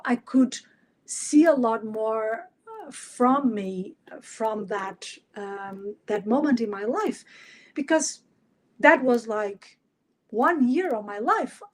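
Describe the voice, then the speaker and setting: Woman in her late 40s, coach chatting on a live podcast, kinda high voice, lots of ums and restarts, laughs a lot. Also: slow. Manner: warm, chatty, with frequent fillers and restarts; laughs often while telling stories. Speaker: life coach.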